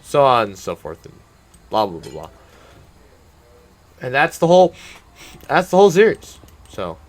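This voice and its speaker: A man's voice: mid-range voice, big pitch swings, normal speed. A man, a gaming YouTuber, giving casual, rambling commentary while he plays a game. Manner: rambling, meandering storytelling.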